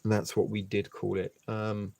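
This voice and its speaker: A low-pitched man with a gravelly, fry-edged voice hosts a casual live stream. He rambles in a friendly way and talks straight to his viewers. The sound is close and dry, with no room echo. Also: flat delivery, unhurried, a little mellow. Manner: rambling, chatty, addresses viewers directly. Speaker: livestream host.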